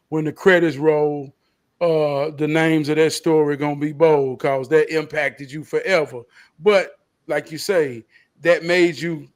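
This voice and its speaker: A man hosting a podcast, responding in a calm, reflective, encouraging way. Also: fairly high pitch. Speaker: podcast host. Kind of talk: reflective casual chat.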